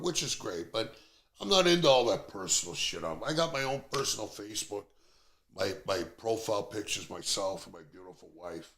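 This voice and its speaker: A man's voice: fairly low pitch, very animated, a little fast, a bit bright. A middle-aged man from Canada, hosting a podcast and ranting bluntly with plenty of profanity in casual chat. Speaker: podcast host.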